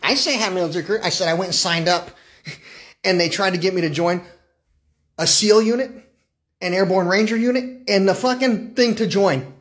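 A man's voice: high-pitched, moderate pace, fairly bright tone. A man on a livestream, ranting in an agitated, profane monologue, firing off repeated questions, stumbling over words and breaking into laughter. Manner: frequent bursts of laughter mid-rant. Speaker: live streamer.

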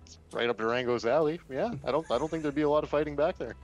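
A man's voice: fairly high pitch, very fast, faint music behind. A man playing a tabletop game, talking in a casual, laid-back way. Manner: casual, laid-back, "dude"-style talk. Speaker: player.

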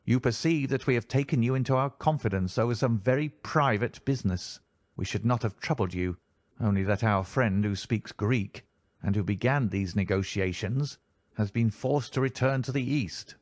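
A man voicing a sinister, giggling older kidnapper who speaks with soft menace, in a storybook reading. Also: medium pitch, normal speed, dry recording, studio quality, lightly acted. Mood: menacing.

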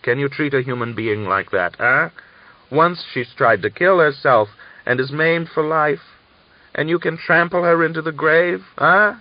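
A man voicing an aging peasant father, anguished and hot-tempered, pleading and rising to shouts, in a dull lo-fi recording. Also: on the low side, sing-song, normal speed, no room sound. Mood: enraged.

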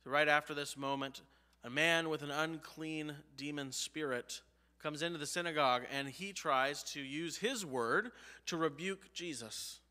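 A man's voice: fairly high pitch, unhurried, sharp tone, in a large hall. A male pastor preaching a sermon, emphatic, asking the congregation rhetorical questions. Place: church sanctuary.

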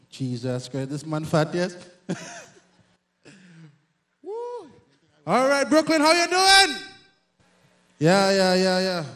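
A man from Grenada with a Grenadian accent, performing a loud, self-mocking stand-up comedy set on stage. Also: sits high. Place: live comedy stage before an audience.

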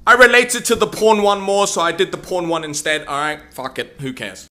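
A young man delivering a profane comedic rant, swearing constantly and bursting into shouts. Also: high voice, a little fast. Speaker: comedy ranter.

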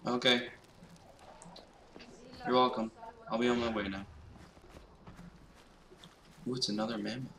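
A young man commentating his gameplay, swearing and breaking into panicked shouts. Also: medium pitch, fairly even intonation, measured pace, long pauses, far from the mic. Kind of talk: let's play commentary. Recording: roomy, off-mic, noisy background.

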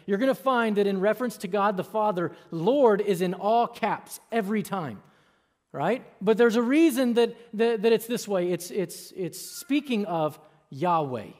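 A man preaching a sermon as a pastor in a church, conversational, with frequent restarts and asides to the congregation. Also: high voice. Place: church sanctuary.

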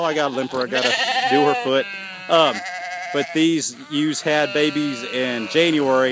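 This homesteader's voice sits on the high side, and the recording is very noisy, with sheep and goats bleating. He rambles casually through a walking tour of his farm in the heat, phone camera in hand, chatting folksily to viewers as "y'all."

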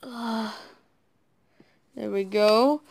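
A woman giving casual, excitable commentary while playing a game, talking to her viewers and admitting she is nervous. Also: fairly high pitch, very slow, creaky. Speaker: gaming video creator.

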